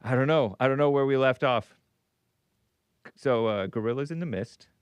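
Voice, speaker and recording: A man's voice: mid-range voice, moderate pace, smooth, no room sound, dull audio. A man hosting a call-in show, rambling and musing aloud, breaking off mid-phrase and chuckling. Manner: rambling, self-interrupting, chuckling. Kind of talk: casual radio call-in talk.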